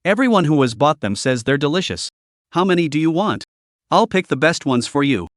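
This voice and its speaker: A man's voice: fairly high pitch, very animated, fairly quick, no room sound, clean studio sound. A man voicing a greedy middle-aged male street vendor who haggles in a pushy, indignant way.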